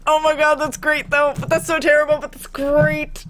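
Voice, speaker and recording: A woman streamer giving casual let's-play commentary, excitable and gushing, quick to laugh and squeal over what happens on screen. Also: sits high, slight background noise. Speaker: gaming streamer.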